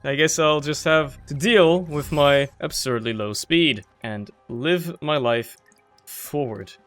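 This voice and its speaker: Faint music plays behind a gaming YouTuber, a young man with a fairly high voice who speaks slowly. He gives laid-back, slang-filled commentary on his own gameplay, laughing frequently, reacting strongly to what happens and talking to himself as he goes, all in an animated manner.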